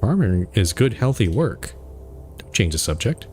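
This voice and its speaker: A man with a fairly low voice plays through a story-heavy game on stream, reading each line of dialogue and narration aloud. He breaks in with dry, wry remarks of his own. Soft background music sits under his voice. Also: very animated, unhurried. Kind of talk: let's play with game text read aloud. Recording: faint music behind the voice.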